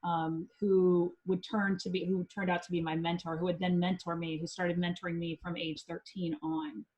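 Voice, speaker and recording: A woman from Indiana, a psychic medium guest on a podcast, telling a personal story in a chatty, lively way with frequent ums. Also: fairly low pitch, normal speed, low-quality recording.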